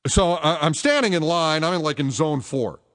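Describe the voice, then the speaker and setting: A man's voice: a little high, animated, moderate pace, a bit bright, big-room sound. A male radio talk show host giving opinionated, emphatic commentary and taking calls. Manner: opinionated, emphatic, rhetorical questions. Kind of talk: talk radio monologue and call-in.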